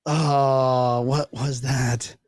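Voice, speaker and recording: A man co-hosting a casual chat show, talking in an animated way, laughing often and restarting his sentences. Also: medium pitch, drawn-out words, no room sound, clean studio sound. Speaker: co-host.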